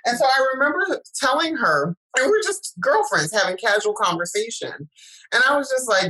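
A woman's voice: a little high, normal speed, low-quality recording. A middle-aged woman, a guest speaker, chatting and telling stories, acting out the voices she quotes. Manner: animated storyteller, acts out quoted voices. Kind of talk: casual chat.

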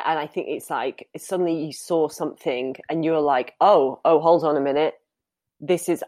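A woman's voice: low-pitched, mellow, dry recording. A woman, a professional dominatrix, answering interview questions in a candid, chatty way and laughing easily.

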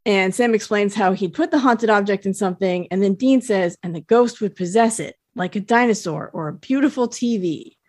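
A woman's voice: medium pitch, moderate pace, hardly any pauses, darkish tone, dry recording. A woman with a mid-range voice chats her way through a TV episode recap, laughing easily. She is recorded close and dry, with no room sound. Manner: chatty and giggly, quotes characters in a lightly acted voice. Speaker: podcast co-host. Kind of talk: casual episode recap chat.

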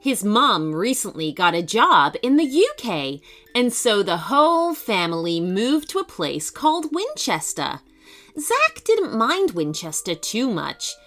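A woman host narrating a children's story in an expressive, animated way. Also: on the high side, unhurried, soft background music.

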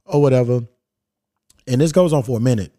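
Brief: male podcast host from Louisville, Kentucky, laid-back, swears a lot, mellow tone, dry sound. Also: mid-range voice, a little fast, no echo. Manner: laid-back, profane, animated storytelling. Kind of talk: casual solo storytelling. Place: at home.

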